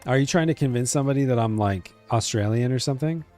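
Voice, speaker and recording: A man's voice: medium pitch, quick pace, a little mellow, soft background music. Chatty male game streamer. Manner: chatty, answers chat, hesitant restarts. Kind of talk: casual live-stream chat.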